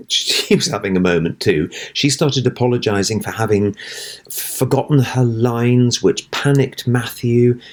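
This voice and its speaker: A man's voice: on the low side, husky. A middle-aged man, an actor, telling a long theatrical anecdote and acting out the voices in it. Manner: animated, acts out voices in his anecdotes. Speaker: interview guest. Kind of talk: anecdotal storytelling.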